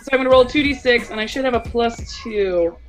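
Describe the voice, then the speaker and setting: A woman's voice: on the high side, brisk, faint music behind. A woman playing in an online tabletop game, casual and playful, sometimes hesitant. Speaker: player. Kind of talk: casual play chat.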